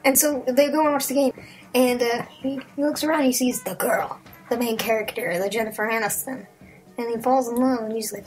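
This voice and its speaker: A young woman rants through a movie review in a sarcastic, rambling way, swearing freely and jumping into quick impressions of the characters. Her voice sits a little high, and faint music plays underneath. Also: poor audio. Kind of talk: casual profane movie review rant.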